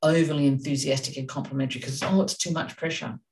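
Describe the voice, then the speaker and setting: A woman's voice: rumbling low, steady tone, fast, a little mellow, recorded from a distance, low-quality recording. A woman co-hosting a parenting talk, speaking in a direct, passionate, emphatic way. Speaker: parenting podcast co-host. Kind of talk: casual discussion.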